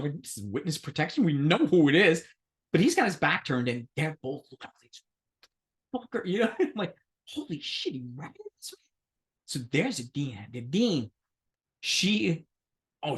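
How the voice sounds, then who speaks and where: A man's voice: on the high side, fairly bright tone. Podcast guy telling a story, swearing and laughing, voice jumps all over the place. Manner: profane, laughing, acts out the voices in his story. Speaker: podcast co-host. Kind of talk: casual anecdote storytelling.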